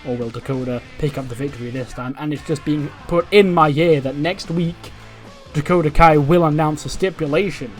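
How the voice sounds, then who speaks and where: Guy narrating a wrestling sim like play by play, mid pitched voice, quick asides. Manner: lively play-by-play, with asides and swearing. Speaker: let's play host. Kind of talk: narrating a simulated wrestling show.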